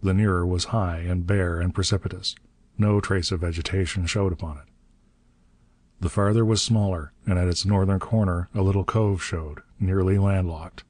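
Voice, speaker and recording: A man narrating an adventure novel in a steady, measured audiobook reading. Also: deep voice, dry recording.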